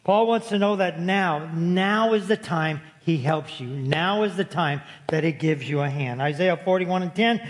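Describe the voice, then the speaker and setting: A man's voice: fairly high pitch, a little slow, hardly any pauses. A man preaching a sermon to his congregation, folksy and storytelling, joking with the room. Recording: long hall reverb.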